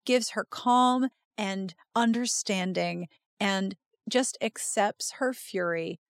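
A woman's voice: medium pitch, slow, no echo, clean studio sound. A woman hosting a podcast, recapping a romance novel in casual chat and reading passages aloud with dramatic flair. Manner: animated, dramatic read-alouds with laughs. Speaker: podcast host.

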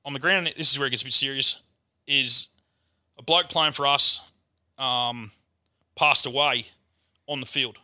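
Australian man, podcast guest, bright edgy tone, loose swear-heavy storyteller. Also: medium pitch, steady tone, a little slow, pauses often, no room sound, studio quality. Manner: swears freely, rambling yarn-telling. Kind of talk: casual storytelling chat.

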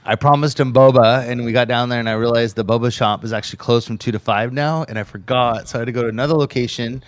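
A man's voice: mid-range voice, steady tone, quick pace. Rambling man acting out quotes in anecdotes. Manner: rambling, acts out quotes with a raised voice, many "he goes". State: voice problems, tired from a busy day. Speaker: co-host, vending operator. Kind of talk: casual storytelling.

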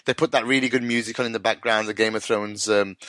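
A man's voice: fairly low pitch, fairly even intonation, fast, a bit bright, no room sound. A man co-hosting a podcast, casually recapping a TV episode in a loose, sweary way with plenty of laughter. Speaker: podcast co-host.

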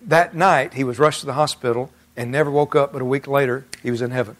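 A man's voice: medium pitch, fairly even intonation, fast. An older man, a pastor, preaching a storytelling sermon in a church in a conversational way, with chuckling asides to the congregation. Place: church sanctuary.

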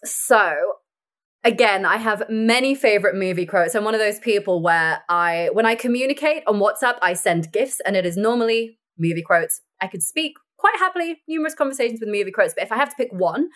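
A young woman, an actress chatting as a podcast guest, animated and laughing often as she tells stories. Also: mid-range voice, fairly quick. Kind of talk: casual chat.

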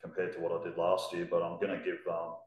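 A man as a podcast guest, talking casually and hesitantly with many pauses and ums. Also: low-pitched, completely flat delivery. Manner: hesitant, lots of ums, matter-of-fact. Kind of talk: casual chat. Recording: echoey room.

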